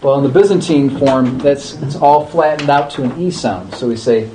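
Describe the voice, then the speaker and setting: Man teaching a class, mellow tone, casual and chatty, slight background hiss. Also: medium pitch, low-quality recording. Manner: conversational, checks in with listeners, drawn-out chanted demonstrations. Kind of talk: informal class talk.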